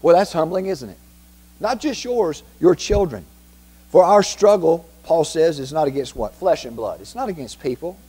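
A man preaching from the pulpit, his voice a touch higher than most men's and mellow in tone. He presses each point with repeated words and rhetorical questions thrown to the congregation, and his voice rings out with a long church reverb. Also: expressive, normal speed, breathy edge. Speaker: pastor. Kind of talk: sermon. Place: church sanctuary.

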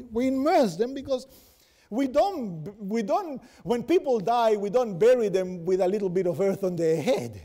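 A man's voice: high-pitched, warm tone. A man, a pastor, preaching a sermon and telling stories, with many rhetorical questions to the congregation.

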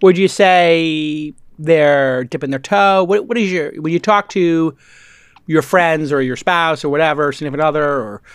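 A man hosting a podcast interview, chatty and jokey, with quick asides. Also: on the high side, steady tone, smooth, no room sound, studio quality. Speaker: podcast host. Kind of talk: casual interview chat.

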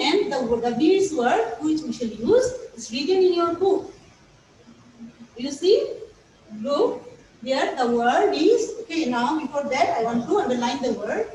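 Her voice high and a little mellow, a Bangladeshi woman whose first language is Bengali walks young students through English grammar, speaking English with a Bangladeshi accent and patiently going over each step again. The room echoes, she's distant from the microphone, and there's slight background noise.

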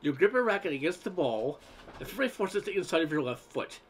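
A man's voice: a little high, big pitch swings, fast, slight background noise. A man voicing an impatient grown son who lectures his mother on tennis in a read-aloud story. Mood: lecturing.

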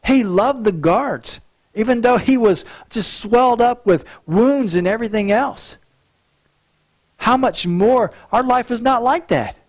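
A man's voice: extremely high pitch, unhurried. A male pastor preaching a sermon in an earnest way, often repeating words as he restarts a thought.

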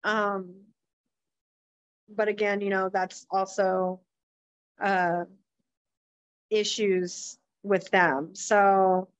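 A woman in her thirties, a guest in a podcast interview, speaking in a measured way with many pauses and fillers. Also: medium pitch, flat delivery, clear, resonant tone, dry recording. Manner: measured, many ums and you-knows. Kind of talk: casual interview talk. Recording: slightly dull lo-fi sound.

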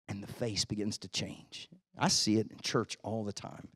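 A man preaching a sermon as pastor in a church, emphatic, swinging between quiet and loud. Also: on the low side, fairly even intonation, normal speed, husky, dry recording, clean studio sound.

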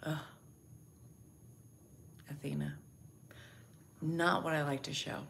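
A woman's voice: low voice, level tone, slow pace, vocal fry, a bit bright, slight background noise. A middle-aged woman co-hosting a casual livestream, reading out and answering viewer comments. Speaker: livestream co-host.

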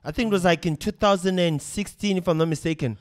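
A man's voice: sits high, fast. A young man with a South African accent, co-hosting a podcast, teasing and joking in slangy casual chat. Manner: teasing, slangy, calls people dog. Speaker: podcast co-host.

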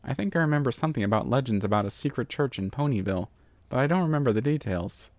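A man's voice: mid-range voice, expressive, fast talker, darkish tone, no room sound, natural voice. A man voicing a blunt, stubborn female pony who is an adventurous archaeology professor, in a storybook reading.

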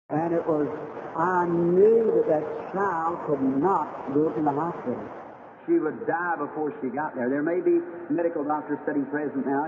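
A man preaching an old-time revival sermon, telling stories in an earnest, folksy way. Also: on the high side. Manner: earnest, folksy storytelling with acted-out quotes. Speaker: evangelist preacher. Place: church hall. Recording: tinny, hissy old archival recording in a hall.

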